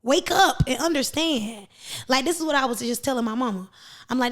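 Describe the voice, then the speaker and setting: High-voiced American woman ranting emphatically. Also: a little fast. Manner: animated, emphatic, preachy ranting. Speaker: podcast host. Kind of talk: casual chat.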